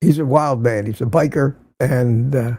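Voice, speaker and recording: A man's voice: medium pitch, measured pace, warm tone, no echo, studio quality. An older man hosting a casual morning livestream, greeting viewers by name and reading the chat aloud. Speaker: livestream host.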